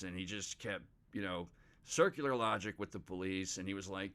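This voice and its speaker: A man's voice: low-pitched, fairly quick, a bit bright. A man hosting a podcast, telling a true-crime story in a casual, rambling way, swearing freely and mocking the people he talks about. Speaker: podcast host.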